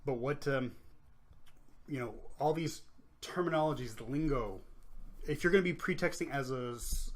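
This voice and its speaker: A man's voice: mid-range voice, moderate pace, long pauses. A man hosting a casual podcast, explaining step by step and repeating his key points. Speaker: podcast host.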